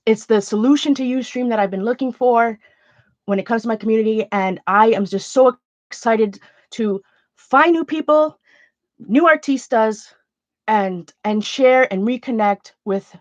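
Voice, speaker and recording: A woman hosting an art channel, talking casually to her viewers in a halting, emotional way, close to tears. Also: a little high, a little mellow, dry recording. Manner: emotional, halting, many restarts. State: near tears. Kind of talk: casual livestream chat to viewers.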